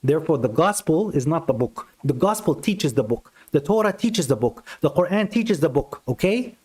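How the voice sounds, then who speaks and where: A man hosting a heated religious debate, talking over his opponent and reciting verses quickly. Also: fairly high pitch, lively intonation, darkish tone, slightly rough. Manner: fast, insistent, interrupts, recites verses quickly. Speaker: debate stream host.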